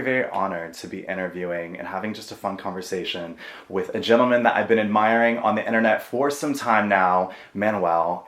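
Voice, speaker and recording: Excitable man host, echoey room. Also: on the low side. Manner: excitable, swearing, laughs at himself. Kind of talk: casual chat.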